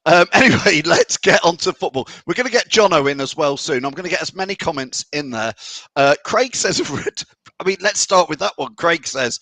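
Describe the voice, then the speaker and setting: A man's voice: on the high side, expressive, a little fast, fairly bright tone, no room sound. A man hosting a fan show, reading out viewer comments and bantering in a chatty way. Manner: chatty, banter-filled, laughs often. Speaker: fan channel show host.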